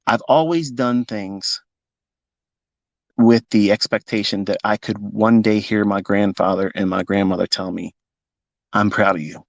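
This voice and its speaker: Gravelly blunt man, fifty. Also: lowish voice, a little slow, no echo. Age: 50s. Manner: blunt, emotional storytelling with frequent swearing. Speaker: trading educator on a live talk. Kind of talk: unscripted live talk.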